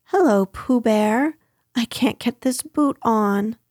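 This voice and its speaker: Lady doing a little boy voice, higher, confident and kinda bossy, storybook read aloud. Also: takes it slowly, darkish tone, no echo, studio quality. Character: young boy, cheerful and a bit bossy.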